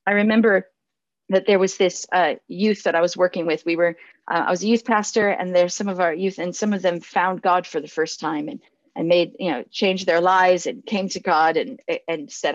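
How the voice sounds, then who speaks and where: A woman's voice: on the low side, fairly quick, dry recording. A woman in her forties delivers a sermon in an earnest, reflective way, often circling back to restart a thought. The recording is dry, with no room sound, and slightly muffled. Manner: earnest, reflective, with frequent restarts and soft laughs. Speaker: pastor.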